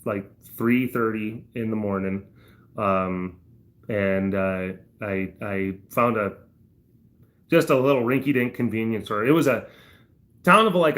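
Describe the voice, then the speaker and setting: A man's voice: fairly low pitch, fairly bright tone. A man livestreaming, telling a rambling anecdote full of fillers and restarts while chatting to his viewers. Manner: laughs through the story, voice jumps up for retold outbursts. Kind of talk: casual storytelling while reading chat.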